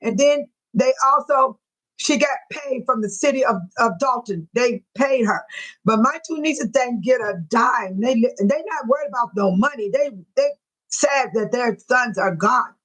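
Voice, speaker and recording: A woman hosts a casual livestream and greets her viewers by name. Her voice sits a little high, and she talks with open feeling. The talk is loose and personal. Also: measured pace, fairly bright tone, poor audio. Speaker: livestream host.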